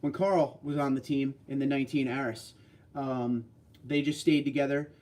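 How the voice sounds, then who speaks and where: A man's voice: mid-range voice, steady tone, moderate pace, a little mellow. A man from New York hosting a casual livestream, reading out viewer comments and bantering back.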